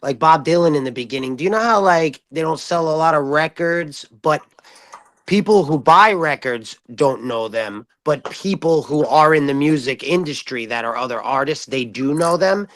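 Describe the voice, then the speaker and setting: A man chatting casually on a group live stream, excitable and rambling with many restarts. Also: on the high side, normal speed, dry recording. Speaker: stream participant.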